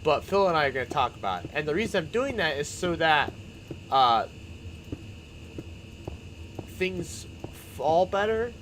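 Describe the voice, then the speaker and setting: A young man chatting casually on his stream, rambling and excitable, often laughing and restarting his sentences. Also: on the high side, a little slow, long pauses, slight background noise, poor audio. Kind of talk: casual chat while building in a game stream.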